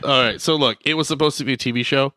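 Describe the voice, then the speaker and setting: Male podcast host, bright, lively, profane storyteller, dry close sound. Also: mid-range voice, quick pace, no echo. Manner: animated, swears, acts out quotes in exaggerated voices. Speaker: podcast host recapping a movie. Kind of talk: casual chat.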